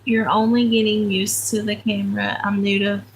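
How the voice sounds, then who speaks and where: A woman's voice: mid-range voice, flat delivery, moderate pace, creaky, slight background noise. A woman with a country accent, chatting casually with viewers on a livestream while she sorts crayons. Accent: American country. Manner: chatty, talks to viewers by name, self-correcting. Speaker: livestream host. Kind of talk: casual live chat while sorting crayons.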